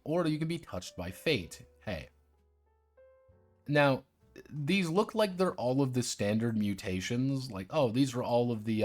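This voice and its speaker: Irreverent, lively man streaming game reviews. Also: mid-range voice. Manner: irreverent and sardonic, swears freely; talks viewers through rule details. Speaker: streamer reviewing tabletop roleplaying games. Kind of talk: casual livestream commentary.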